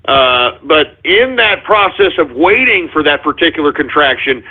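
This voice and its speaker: Male talk-radio host, sarcastic agitated ranter, husky voice, phone-quality audio. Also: on the high side, sing-song, moderate pace. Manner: agitated, sarcastic, swearing rants. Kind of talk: ranting talk radio monologue.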